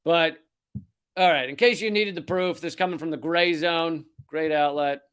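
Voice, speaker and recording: Host, man, high voice, angry sarcastic swearing rant. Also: steady tone, moderate pace, a bit bright, clear, resonant tone. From United States. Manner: profane, sarcastic, heated. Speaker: comedy news show host. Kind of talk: ranting satirical commentary.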